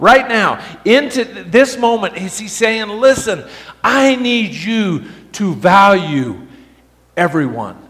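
A man preaching a sermon to a congregation, throwing questions at them and restarting words as he talks. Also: very high-pitched. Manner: animated, asks the congregation questions, stammers on restarts. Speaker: pastor. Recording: long reverb of a hall.

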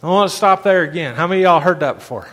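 A man's voice: high-pitched, lively intonation, very fast, a bit bright, long reverb tail. A man preaching a sermon as pastor, conversational, restarting his phrases often and rising in emphasis as he makes his points.

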